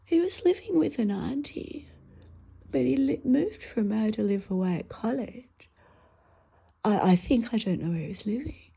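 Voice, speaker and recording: A middle-aged Australian woman with a husky, dark-toned voice, talking her way through a stand-up set. She rambles from story to story, swears freely, and swings between loud, high outbursts and quiet muttered asides. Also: animated, moderate pace. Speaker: stand-up comic.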